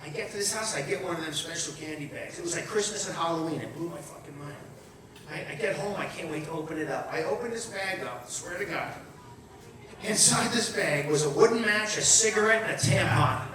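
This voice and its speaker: A man's voice: fairly high pitch, expressive, fairly quick. A man, doing a blunt, profane stand-up comedy set full of asides. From Long Island, New York. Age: 50s. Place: comedy club or event room with live audience. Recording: echoey room, captured from far off with crowd noise.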